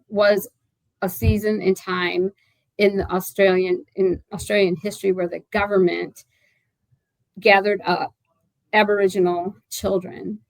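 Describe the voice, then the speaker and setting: A woman's voice: mid-range voice, vocal fry, no room sound, poor audio. A woman in her sixties, an author being interviewed, talking in a chatty, rambling way with lots of fillers and restarts. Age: 60s. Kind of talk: casual interview chat.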